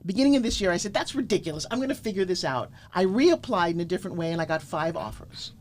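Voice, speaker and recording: A middle-aged woman from Florida, a guest pitch coach telling motivational stories emphatically and acting out quoted lines. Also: fast, slight background noise. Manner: emphatic, animated, acts out quotes. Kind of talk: energetic motivational storytelling.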